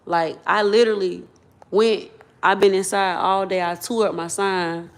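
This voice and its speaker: A woman's voice: medium pitch, steady tone, a little slow. A young woman vlogging into her phone, telling a personal story in a loose, rambling way and repeating herself as she gets worked up. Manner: casual, loose grammar.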